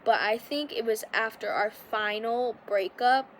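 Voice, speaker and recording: A woman's voice: fairly high pitch, unhurried, a bit bright, a little hiss or hum. A young woman hosting a podcast, talking casually and rambling with lots of filler words and restarts. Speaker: podcast host. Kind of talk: casual confessional monologue.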